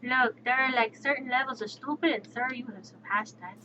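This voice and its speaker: A woman livestreamer chatting casually and outspokenly while she plays, with quick, sassy asides. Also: a little high. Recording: dull lo-fi stream audio with steady background noise.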